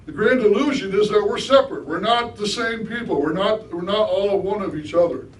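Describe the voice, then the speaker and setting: A man's voice: sits high, brisk. A middle-aged man giving a conversational spiritual talk to an audience, often asking them questions. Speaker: guest speaker. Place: hall with a live audience. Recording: echoey room, mic at a distance.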